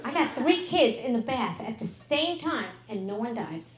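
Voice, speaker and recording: A middle-aged woman on a comedy club stage, delivering a brash, crude stand-up set with deadpan timing. Her voice sits a little high and rings out through the roomy club sound of a handheld stage mic. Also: normal speed, crowd noise.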